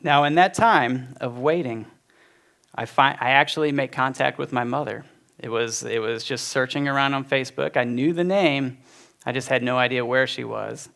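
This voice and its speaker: A man's voice: medium pitch, moderate pace, vocal fry, fairly bright tone. A man in his forties giving a personal testimony at a church gathering, telling his story in a heartfelt, conversational way with many fillers. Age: 40s. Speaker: speaker at a church community.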